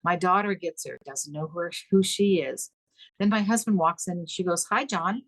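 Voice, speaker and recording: Low-voiced woman telling an emotional story. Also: moderate pace, no echo, rough recording. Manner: animated, acts out quoted dialogue with pitch leaps. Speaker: podcast guest.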